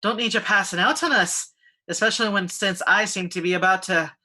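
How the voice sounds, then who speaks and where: A woman doing a gruff dwarf warrior woman. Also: medium pitch, a little fast. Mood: wry. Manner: brusque, commanding, shouting orders.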